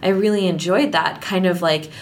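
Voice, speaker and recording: Animated, giggly woman podcaster. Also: mid-range voice, normal speed. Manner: animated, laughs often, hedges with "like". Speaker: podcast co-host. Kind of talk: casual book discussion.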